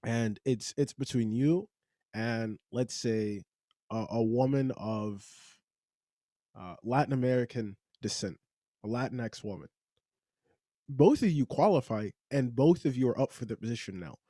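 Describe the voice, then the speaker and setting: A man with a mellow, warm voice hosts a casual podcast chat, rambling along and restarting his sentences. His voice sounds dry and close, with no room around it. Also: mid-range voice, a little slow, no echo. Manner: conversational, rambling, frequent restarts. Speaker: podcast host.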